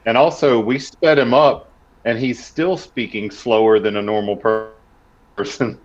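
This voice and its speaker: A man chatting casually on a live stream, working through ideas out loud with halting restarts. His mic sounds dull and lo-fi. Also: mid-range voice, fairly even intonation, soft background music. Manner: halting, restarts when thinking aloud.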